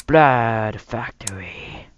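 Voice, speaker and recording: Young gamer yelling over a noisy recording. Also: male voice, medium pitch, expressive, drawn-out words, lo-fi sound. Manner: shouting, laughing, swinging from mutters to yells. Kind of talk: let's play commentary.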